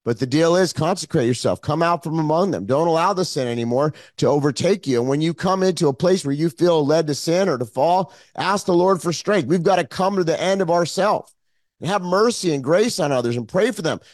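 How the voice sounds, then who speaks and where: A man preaching with fervor in a high voice, heard dry and close with no room echo. He repeats his phrases and sounds emotional as he pleads. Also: expressive, brisk. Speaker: pastor. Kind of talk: sermon.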